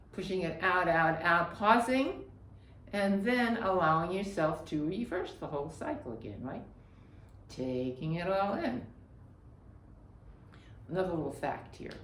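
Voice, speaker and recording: A woman's voice: on the low side, slight background noise. A woman teaching a breathwork lesson, talking emphatically, repeating her cues and checking in with "right?". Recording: echoey room.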